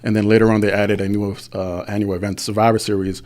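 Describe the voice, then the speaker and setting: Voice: sits low, flat delivery, quick pace, darkish tone. A casual interview host who chuckles often and drops in short replies. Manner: chuckles often, gives brief backchannel replies.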